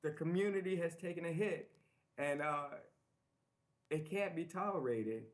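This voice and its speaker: A man's voice: on the high side, measured pace. A man who is a studio interview guest, speaking earnestly and repeating key phrases for emphasis. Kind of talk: interview talk. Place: small TV studio.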